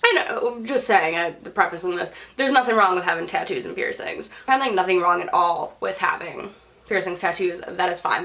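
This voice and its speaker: A woman's voice: lowish voice, gravelly, a bit bright. A young woman telling a personal story to camera in a chatty vlog style, filling her sentences with "like" and acting out what people said. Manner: chatty, lots of "like", quotes people in put-on voices. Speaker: vlogger.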